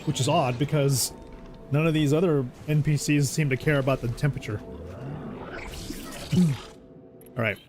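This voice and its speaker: A man's voice: a little high, steady tone, normal speed, pauses often, noisy background. Rambling male game streamer. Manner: rambling, self-correcting, easygoing. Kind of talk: casual gameplay commentary. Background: game music.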